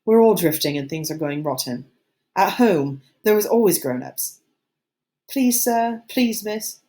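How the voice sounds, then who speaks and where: A worried, earnest boy leader speaking carefully and doubtfully, as a woman reading a storybook puts him on. His voice stays measured and a little raised. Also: mid-range voice, lively intonation, dark tone, pitched above the performer's own voice, lightly acted. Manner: cautious, earnest.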